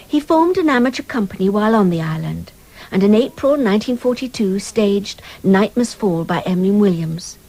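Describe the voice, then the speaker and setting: Mellow woman narrating a radio tribute. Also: mid-range voice, poor audio. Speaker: presenter.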